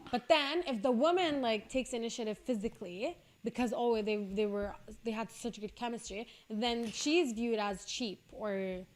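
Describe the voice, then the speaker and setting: High-voiced young woman telling a story. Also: moderate pace, hardly any pauses. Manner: animated storyteller, laughs at herself. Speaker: podcast guest. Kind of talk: casual chat.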